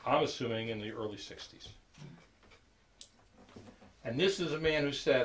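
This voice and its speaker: A man telling a story to a group in a halting, conversational way, full of fillers, acting out the quoted lines. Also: medium pitch, a bit bright, rough recording. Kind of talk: casual spoken storytelling.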